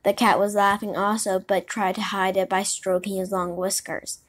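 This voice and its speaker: A woman narrating a children's storybook in an expressive reading voice. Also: medium pitch, normal speed. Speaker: audiobook narrator.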